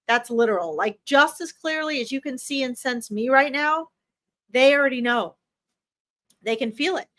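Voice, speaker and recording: A woman's voice: on the high side, fairly bright tone. A woman animal communicator giving an earnest, emphatic pet reading on a livestream, often repeating herself. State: tearing up.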